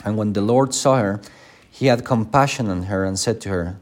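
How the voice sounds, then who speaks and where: A male pastor teaching a Sunday school class, animated and acting out quoted lines. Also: lowish voice, normal speed. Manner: frequent fillers and restarts.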